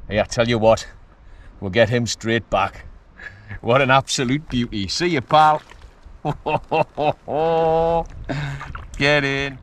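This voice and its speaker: A man, chatting excitedly to the camera from his kayak while fishing at sea, often laughing. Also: mid-range voice, slow, long pauses, a little hiss or hum. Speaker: kayak angler filming his fishing trip. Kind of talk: casual vlog commentary. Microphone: action camera mic.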